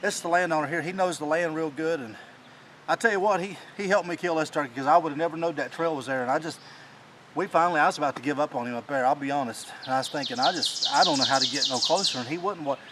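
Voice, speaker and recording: Excited rambling hunter, high voice. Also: male voice, fast, background noise. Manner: excited, rambling storyteller with many restarts. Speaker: hunting channel host. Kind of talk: casual chat after a hunt. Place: outdoors in the mountain woods.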